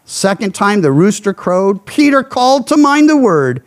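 Man, pastor, higher-pitched voice, earnest expository sermon, emphatic, phrases sinking low at the end. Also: sing-song, moderate pace.

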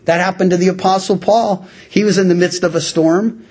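A male pastor preaching a sermon in an animated way, with pauses and restarts. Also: high-pitched.

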